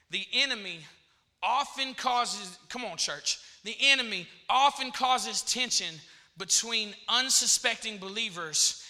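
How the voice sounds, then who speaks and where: A man's voice: sits high, sharp tone. A man preaching a sermon in church, repeating phrases and calling out to the congregation.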